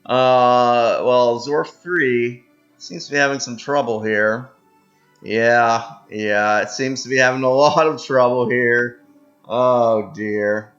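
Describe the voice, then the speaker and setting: A man's voice: mid-range voice, a little slow, a bit bright, muffled recording, faint music behind. A young man giving casual commentary on a strategy game he is playing, thinking aloud with lots of fillers and laughs, and reading event text aloud. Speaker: gameplay commentator.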